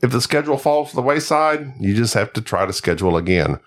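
A man's voice: medium pitch, expressive, quick pace. A man co-hosting a casual podcast, joking around and reading out listener emails. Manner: jokey, mock voices, teasing banter. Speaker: podcast co-host.

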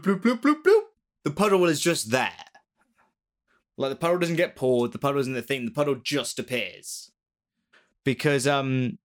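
A man casually retelling a ghost story to a co-host, rambling and joking, often breaking off to laugh at his own tangents. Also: medium pitch.

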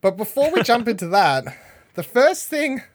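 A man hosting a podcast in casual chat, energetic and rambling as he talks. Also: extremely high pitch, moderate pace. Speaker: podcast host.

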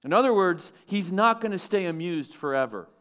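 Preaching at a moderate pace, this male pastor moves vividly from forceful, booming statements to quiet, low-voiced asides.

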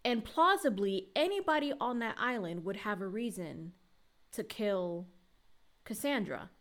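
A woman with a mid-range voice talking casually about films. She explains her reasoning steadily and at an even pace. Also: medium pitch, a little slow. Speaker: podcast co-host. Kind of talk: casual film discussion.

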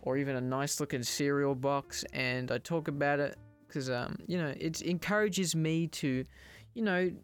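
A man's voice: a little high, moderate pace, clean tone, faint music behind. A young man hosting a casual solo podcast, rambling, joking at his own expense and stumbling over words. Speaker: podcast host.

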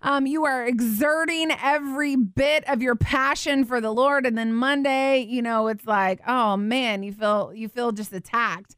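A woman's voice: a little high, steady tone, measured pace, few pauses, fairly bright tone, clear, resonant tone, no echo, clean studio sound. A woman hosting a faith show, teaching earnestly and tenderly and reading scripture aloud with expression. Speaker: show host teaching the Bible.

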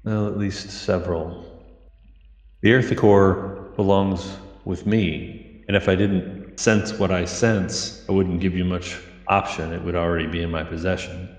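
A man voicing an ancient female green dragon with a deep, echoey voice, speaking slowly and quietly. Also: steady tone. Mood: grave.

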